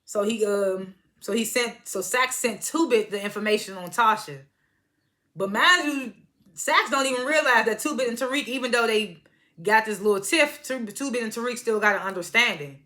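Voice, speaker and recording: Bright-voiced woman recapping a TV episode. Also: on the high side, normal speed. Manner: animated, slangy storytelling with frequent laughs. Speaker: TV show reviewer.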